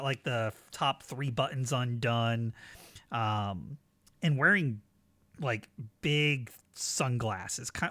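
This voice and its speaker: A man running a tabletop game, setting the scene in a loose, chatty way with plenty of fillers. His voice is bright and forward, the recording dry and close. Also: medium pitch, no room sound. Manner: casual narration with fillers. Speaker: game master.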